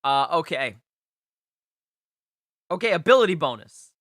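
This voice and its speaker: A young man hosts a casual live stream, talking through viewers' game teams. His voice sits a little high and has a bright, forceful edge. He is emphatic and playful, hammering points home by repeating them. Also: animated, normal speed, dry recording, studio quality. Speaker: livestream host rating viewers' game teams.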